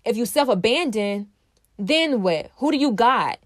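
Her voice sits fairly high with lively intonation, and she keeps a measured pace through a self-help monologue drawn from her own life. As a podcast host she talks directly to listeners, earnest and emphatic, circling back to repeat phrases. The recording is dry and close.

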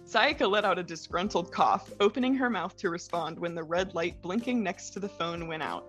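A woman's voice: lowish voice, normal speed, few pauses, fairly bright tone, faint music behind. A young woman reading a story aloud in a casual, easygoing way. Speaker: co-host reading fanfic.

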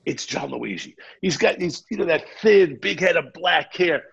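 Male guest with a raspy, fairly high voice, spinning a lively anecdote; muffled lo-fi recording. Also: normal speed. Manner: animated anecdote-telling, acts out quoted dialogue. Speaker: interview guest. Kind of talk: casual storytelling.

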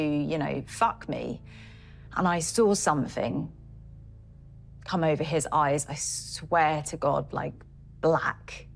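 A woman in a documentary interview, recounting her experience haltingly with many "like"s and "you know"s. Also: low-pitched.

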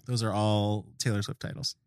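A man's voice: on the low side, little pitch movement, normal speed, clear, resonant tone, dry recording, clean studio sound. A man co-hosting a comedy podcast, teasing the others and laughing a lot. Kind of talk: casual comedy banter, reading jokes.

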